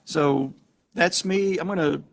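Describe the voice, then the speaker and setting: A man with a slightly raised pitch speaks to a small audience in a meeting room. He talks casually and anecdotally, doubling back and restarting sentences as he goes. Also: slow, creaky. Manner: chatty, anecdotal, frequent restarts. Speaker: meetup host and presenter. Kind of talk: casual storytelling talk to a small group. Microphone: room recording mic.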